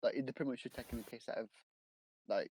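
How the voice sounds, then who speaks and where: A man's voice: medium pitch, fast talker, crowd noise, rough recording. A man chatting casually on a movie podcast, laughing along and chiming in. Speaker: podcast co-host.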